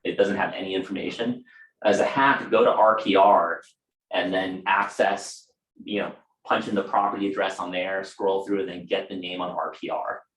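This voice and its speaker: Low-voiced man teaching in an echoey room. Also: steady tone, normal speed, a bit bright. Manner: conversational, fillers and asides to the room. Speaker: real estate trainer. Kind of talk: casual training talk.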